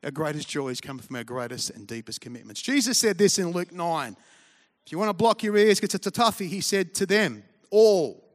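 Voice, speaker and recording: Pastor preaching with easy humor. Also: male voice, high-pitched, animated, moderate pace. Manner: conversational and humorous, with storytelling asides. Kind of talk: sermon.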